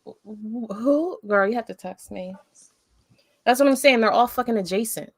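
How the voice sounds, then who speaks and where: A woman's voice: fairly high pitch, normal speed, no room sound, studio quality. A woman hosting a live stream, talking bluntly and emphatically with heavy swearing in casual commentary. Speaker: livestream host.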